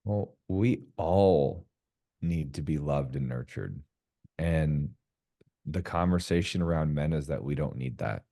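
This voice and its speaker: A man's voice: rumbling low, slow, creaky, mellow. A man, a podcast guest, talking frankly in casual conversation, swearing freely and acting out quoted dialogue in other voices.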